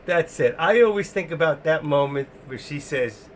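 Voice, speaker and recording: A man's voice: fairly high pitch, lively intonation, moderate pace, noisy background. A man with a New York accent hosting a live stream in casual chat, talking bluntly and ramblingly, often laughing.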